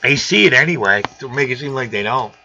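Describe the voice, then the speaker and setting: Brief: rambling, jokey male livestream host, bright and fairly high, dull lo-fi sound. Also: lively intonation, fast, a little hiss or hum. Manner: rambling, jokey riffs on old movies. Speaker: host of a live aquarium show. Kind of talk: casual chat.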